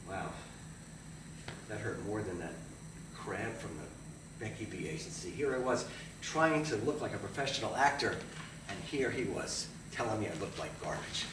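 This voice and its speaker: A man telling his story in a one-man theater monologue, animated and self-mocking. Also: on the low side, moderate pace, long pauses, noisy background. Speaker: solo stage performer. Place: theater stage. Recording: live stage, distant roomy hall.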